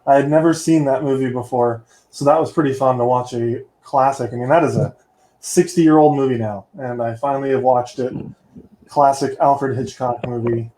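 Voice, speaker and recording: A man hosting a podcast in casual chat, upbeat and quick to laugh. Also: medium pitch. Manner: laughs often, lively and upbeat. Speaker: podcast host. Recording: roomy echo.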